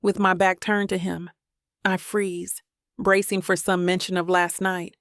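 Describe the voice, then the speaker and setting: Brief: female audiobook reader, intimate first-person narration with a gravelly texture. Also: lowish voice, a little slow, no room sound, clean studio sound. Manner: intimate, steady reading.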